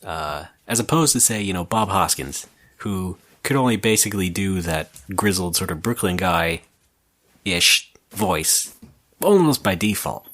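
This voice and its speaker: A man with a low voice talks in a casual, deadpan way on a podcast. His pitch swings freely as he rambles through his opinions, and his jokes come out dry. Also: a little slow. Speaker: podcast co-host. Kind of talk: casual chat.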